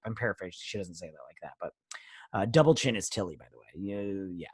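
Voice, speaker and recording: A man's voice: lowish voice, fairly quick, no echo, studio quality. A man giving a casual, rambling spoken review of a TV episode, frustrated and full of fillers. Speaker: TV review vlogger.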